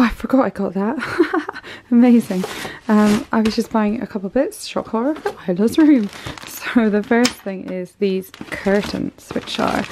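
A young woman from the UK chatting warmly about parcels in a casual home vlog, gushing over each item. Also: fairly high pitch, background noise. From United Kingdom. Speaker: parenting vlogger. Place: home, indoors.

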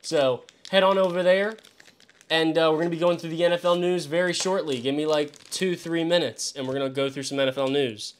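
A young man chatting casually on a live stream, slangy and rambling, with sudden excitable bursts. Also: a little high, brisk, smooth. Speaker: fantasy football streamer. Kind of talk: casual livestream chat.

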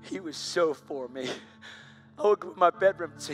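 A man preaching a sermon, telling a story with animated energy and rising to loud, excited bursts. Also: fairly high pitch, normal speed, over music.

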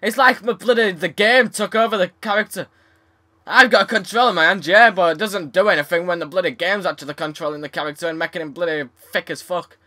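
A man's voice: high-pitched, fast talker, bright, forceful tone. A young man commentating his tennis game, frustrated, swearing and sarcastic. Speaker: gaming YouTuber. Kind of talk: let's play commentary.

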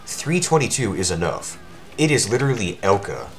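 A man giving live commentary over his own speedrun, his voice worn from shouting, talking at the game in exasperated outbursts. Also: on the low side, wildly swooping pitch, normal speed, faint music behind.

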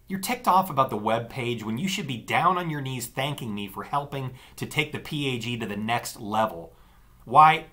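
A man's voice: mid-range voice, bright, forceful tone. A man voicing an angry, sarcastic teenage girl arguing with her brother in an audiobook. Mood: scornful. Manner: sarcastic, cutting. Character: angry scornful teenage girl, the narrator's sister. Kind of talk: audiobook dialogue.

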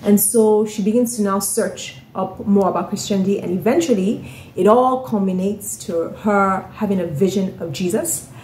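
A woman's voice: medium pitch, normal speed, a little mellow, a little hiss or hum. A woman telling a story in a casual vlog, chatty, often asking "right?" and "you know". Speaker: author and vlogger. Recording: roomy echoey room.

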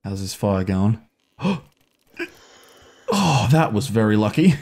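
A husky man narrates his own horror-game session in a slow, drawn-out delivery. His pitch swings wildly, leaping high whenever something startles him. He curses freely and talks to the characters as if they could hear. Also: very animated, darkish tone. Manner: nervous, swears often, voice leaps up when startled; coaxes and scolds characters on screen. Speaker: gaming video host. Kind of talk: anxious horror-game commentary.

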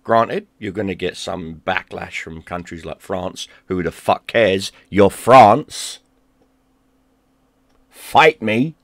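Man, low voice, dry close sound, heated profane rant, loud outbursts. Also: slow pace, hardly any pauses, no room sound. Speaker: gaming YouTuber. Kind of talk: ranting monologue.

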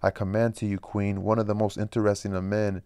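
A man voicing a sly, fawning male demonic master of ceremonies in an audiobook reading, with confiding, drawn-out asides. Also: lowish voice, little pitch movement, a little mellow, clean tone, dry recording, studio quality, lightly acted.

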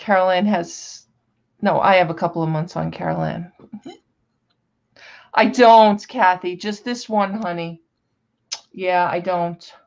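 A woman's voice: on the low side, steady tone, slow, creaky, long pauses, darkish tone. A woman hosting a casual live-stream sale, chatting and calling out viewers by name. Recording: dull lo-fi sound.

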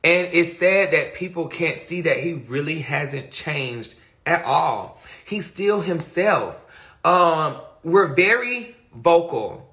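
High gravelly man on a livestream. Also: expressive, slow pace, pushed and bright. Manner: rambling, profane and emphatic. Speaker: livestreamer answering viewer comments. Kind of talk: casual livestream chat.

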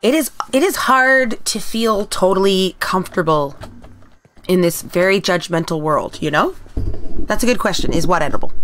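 A woman's voice: lowish voice, fairly bright tone. A middle-aged woman with a Canadian accent, chatting casually with viewers while she streams a video game. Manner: rambling, chatty, talks to chat viewers. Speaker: let's play streamer. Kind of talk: casual live-stream gameplay chat.

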